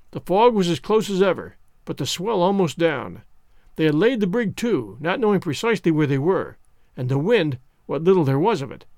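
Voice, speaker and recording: A male audiobook narrator tells a classic adventure in the first person. His reading is expressive, moving through a lively, wide pitch range on a slightly high voice. The recording is dry and close. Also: dry recording. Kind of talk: scripted narration of a classic novel.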